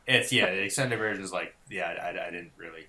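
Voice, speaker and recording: A man's voice: sits low, fast, sharp tone. A young man co-hosting a casual chat, rambling with lots of fillers and restarts. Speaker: podcast co-host.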